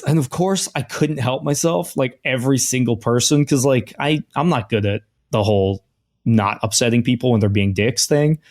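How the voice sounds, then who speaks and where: A man's voice: mid-range voice, fairly quick. A man co-hosting a comedy podcast, telling anecdotes in casual chat and acting out the people in them. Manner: animated storyteller, acts out quoted voices. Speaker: podcast co-host.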